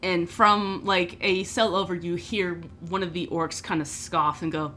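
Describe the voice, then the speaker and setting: A woman game master speaking in character and narrating with a measured delivery. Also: lowish voice, steady tone, sharp tone. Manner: measured, deliberate. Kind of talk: in-character role-play and narration.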